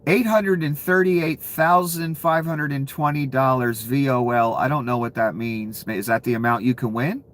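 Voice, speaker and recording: A man's voice: medium pitch, fairly even intonation, moderate pace, few pauses. A man giving ranting commentary, profane and incredulous, laughing between outbursts. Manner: profane, incredulous, calls the listener "son".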